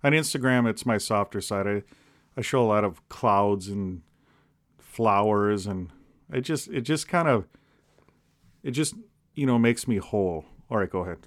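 A man co-hosting a podcast, cracking deadpan jokes in casual rambling chat. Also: on the low side, moderate pace, pauses often. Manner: deadpan jokey, rambling with restarts. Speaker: podcast co-host.

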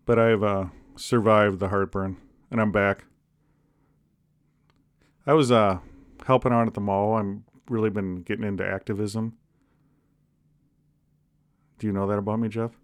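A man co-hosting a podcast, cracking deadpan jokes in casual rambling chat. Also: on the low side, a little slow, long pauses. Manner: deadpan jokey, rambling with restarts. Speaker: podcast co-host.

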